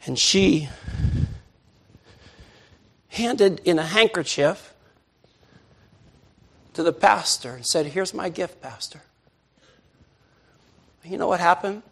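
An older man preaching a sermon as pastor, dropping to soft murmurs and rising to loud shouts. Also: high voice, lively intonation, takes it slowly, vocal fry, long pauses, breathy edge.

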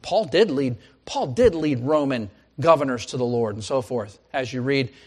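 A man preaching a sermon, swinging from loud emphatic declarations to hushed, almost whispered appeals, repeating his questions for effect. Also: mid-range voice, animated, normal speed, husky. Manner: repetitive pleading questions.

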